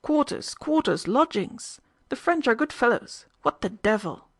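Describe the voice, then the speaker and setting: A woman's voice: on the high side, big pitch swings, a little slow, husky, no echo, studio quality, pitched above the performer's own voice, heavily acted. A woman voicing a cheerful, condescending French army officer in an audiobook. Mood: jovial. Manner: jovial, condescending.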